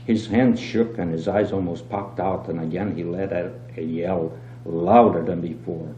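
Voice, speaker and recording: Older male story reader, lively, low and mellow, on a dull roomy home tape with hum. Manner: lively storyteller, brisk and dropping low on asides. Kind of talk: reading a short story aloud.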